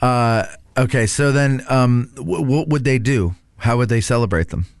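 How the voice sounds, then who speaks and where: A man's voice: medium pitch, moderate pace, smooth, no echo. A man hosting a podcast, asking curious questions in a playful, joking way. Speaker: podcast host. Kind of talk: podcast conversation.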